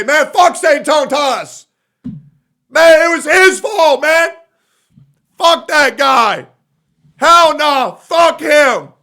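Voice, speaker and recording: A man's voice: sits high, a bit bright. A male streamer in a blunt, profane, sarcastic livestream reaction rant.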